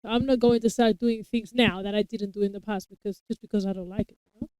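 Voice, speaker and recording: A woman's voice: medium pitch, fairly even intonation, fast talker, dark tone, smooth, no room sound, rough recording. A woman, a parent of young children, chatting casually and explaining her views at length, often restarting her sentences. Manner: long talkative explanations with frequent restarts. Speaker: co-host reacting to a TV episode. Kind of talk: casual chat.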